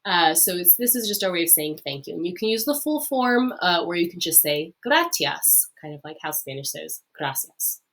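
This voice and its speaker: A lively woman teacher gives a recorded lesson, and her pitch rises and falls a lot. She is friendly and upbeat, fills pauses with "um" and "uh", and slows down to repeat key phrases.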